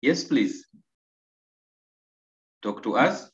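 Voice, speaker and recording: A Ugandan man teaching an online English lesson, slow and coaxing, repeating answers and praising his pupils. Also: medium pitch, lively intonation. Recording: roomy, dull lo-fi video call audio.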